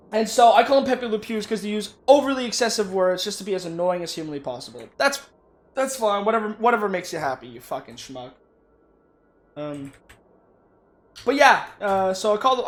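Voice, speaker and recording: A man casually ranting and telling profane work stories while playing a game. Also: sits high. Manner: ranting, profane, animated storytelling. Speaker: gaming YouTuber. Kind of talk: casual rant over gameplay.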